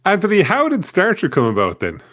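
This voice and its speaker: A man's voice: high-pitched, huge pitch swings, fairly quick, a bit bright. A man hosting a podcast interview, asking questions in a light, jokey way. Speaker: podcast host. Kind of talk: casual interview.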